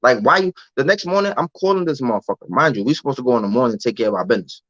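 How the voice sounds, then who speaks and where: A man's voice: medium pitch, expressive, racing, a bit bright, dry recording. A man, telling a candid story as a podcast guest in streetwise slang. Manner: streetwise slang, often adds "you know what I'm saying". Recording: dull, dry lo-fi recording.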